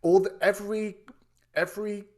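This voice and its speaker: A man's voice: high-pitched, normal speed. A man co-hosting a podcast, talking casually and with a lot of enthusiasm, swearing now and then. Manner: animated, swearing, enthusiastic storytelling. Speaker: podcast co-host. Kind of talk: casual chat.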